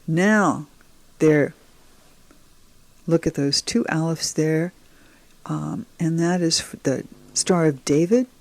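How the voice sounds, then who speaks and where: A woman's voice: low-pitched, darkish tone, no echo. A woman teaching a beginners' lesson over slides, encouraging and speaking straight to the viewer. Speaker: Hebrew teacher. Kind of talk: slow, patient lesson narration over slides.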